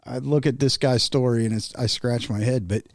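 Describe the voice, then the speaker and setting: A man's voice: mid-range voice, steady tone, normal speed, dry recording, studio quality. A man guest telling casual anecdotes in a laid-back way, chuckling often. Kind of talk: casual storytelling.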